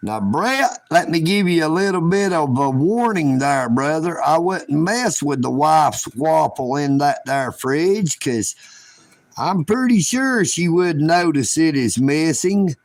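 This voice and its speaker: A man hosting a casual livestream, talking in a folksy, joking way. His voice is a little high and full of gravelly fry, and he takes his time over every word. The sound is dry and close. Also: lively intonation, takes it slowly, no room sound. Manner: folksy, rambling, joking drawl. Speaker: livestream host.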